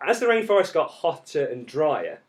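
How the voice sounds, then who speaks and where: A man's voice: fairly high pitch, very animated, normal speed. A man in his thirties who teaches geography, explaining step by step with jokes in a casual podcast. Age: 30s.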